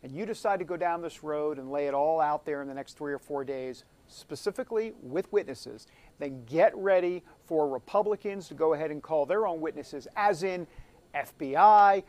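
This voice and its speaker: A political talk show host talks in a loose, opinionated way. He slips in jokes and asides to the audience. His voice sits at a middle pitch. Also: moderate pace, darkish tone.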